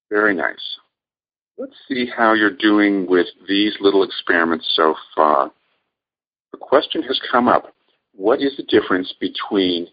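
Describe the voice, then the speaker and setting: A man leading a guided meditation lecture, speaking in a calm, measured, gently instructive way. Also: low voice, breathy edge, lo-fi sound. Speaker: meditation teacher.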